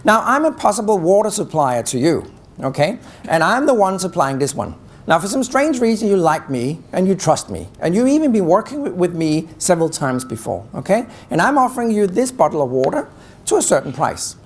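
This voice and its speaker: Guy giving a keynote, lively up-and-down voice, keeps firing questions at the crowd. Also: high-pitched, brisk. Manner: animated, teasing, full of rhetorical questions to the audience. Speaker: keynote speaker on negotiation. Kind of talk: live talk to an audience.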